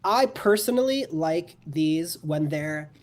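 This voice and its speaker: A man's voice: a little high, animated, slow pace. A man from New Jersey playing a tabletop game, easygoing and thinking aloud. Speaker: player. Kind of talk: casual chat.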